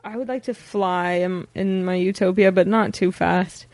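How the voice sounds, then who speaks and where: A woman's voice: fairly low pitch, fairly even intonation, moderate pace, darkish tone, no echo. A woman guest on a podcast in casual chat, playful and rambling, giggling often.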